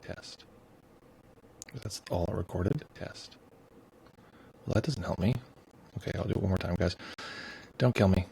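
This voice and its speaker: A man's voice: sits low, a little fast, gravelly, long pauses, dark tone, slight background noise, low-quality recording. A man hosting a meditation livestream in a casual, joking way, reading viewer comments aloud. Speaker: meditation teacher. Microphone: streaming mic with headphones.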